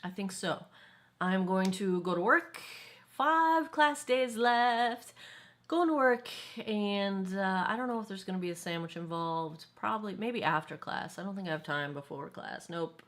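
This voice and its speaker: A woman talks through her makeup in a loose, rambling vlog, tossing in quick asides. Her voice sits at an ordinary middle pitch and is recorded close on a phone held at arm's length. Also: expressive, fairly bright tone. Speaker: beauty vlogger. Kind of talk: casual makeup review vlog.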